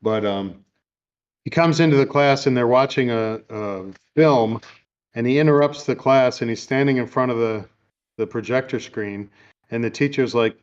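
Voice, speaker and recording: A man hosting a casual chat, recapping a movie in a relaxed, rambling way with lots of fillers. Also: mid-range voice, moderate pace, clean tone, lo-fi sound. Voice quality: easygoing, rambling with many fillers. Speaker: podcast host. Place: home room.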